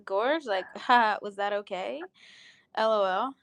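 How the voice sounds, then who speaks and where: A woman's voice: mid-range voice, fairly even intonation, moderate pace, fairly bright tone, smooth, no echo. A woman chatting casually on a livestream, groggy, rambling and giggly, swearing freely between songs. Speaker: singer on a livestream.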